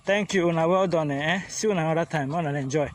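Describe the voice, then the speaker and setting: A chatty man walks down a street as he teaches. His voice sits a little higher than most men's, and he keeps the tone loose and friendly. Faint street noise drifts in around him. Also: fast talker. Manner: easygoing and chatty, mixing in pidgin greetings. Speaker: language coach. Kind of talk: casual vlog lesson. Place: outdoors on a street, walking.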